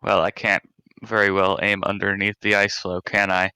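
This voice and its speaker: A man's voice: low-pitched, monotone, normal speed, pushed and bright, smooth, dry recording. A man playing in a tabletop game, wary and reluctant about the plan. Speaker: player.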